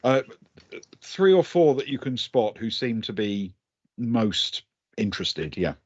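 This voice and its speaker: A man's voice: medium pitch, sing-song, slow pace. A man narrating a tabletop game as game master, hesitant and full of ums and restarts. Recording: dull lo-fi audio.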